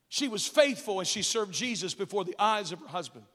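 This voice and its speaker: Bright-voiced preacher man in reverberant church. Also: expressive, fairly quick. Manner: storytelling preacher who swings from booming shouts to hushed, quiet asides. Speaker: pastor. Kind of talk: sermon. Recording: long reverb of a large church hall.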